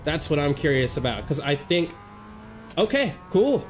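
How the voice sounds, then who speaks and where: A man's voice: a little high, a little fast, a little hiss or hum. A young man streaming sim racing late at night, chatting casually and laughing, with stumbling restarts. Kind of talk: casual live-stream chat. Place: home gaming setup, late night.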